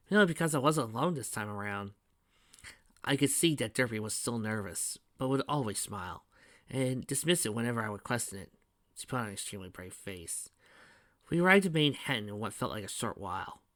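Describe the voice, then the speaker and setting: A man reading his fan fiction aloud in the first person, plain and steady. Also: on the low side, brisk, no echo, clean studio sound. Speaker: narrator.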